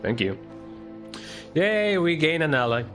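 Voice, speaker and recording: A man's voice: a little high, very animated, a little slow. A man streams a game, chatting playfully and reading dialogue options aloud. He often tags "eh?" onto his lines. Faint music sits behind his voice. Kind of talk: casual let's-play commentary.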